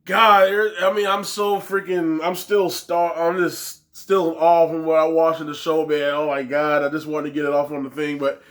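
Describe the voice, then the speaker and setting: A young man hosting a wrestling review in excited casual talk, exclaiming often and trailing off mid-sentence. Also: a little high, normal speed, hardly any pauses.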